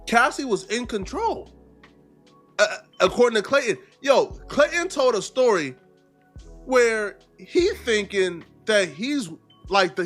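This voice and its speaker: A man's voice: high-pitched, fairly bright tone. A man hosting a reaction show, commenting in a slangy, emphatic way. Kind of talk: casual commentary.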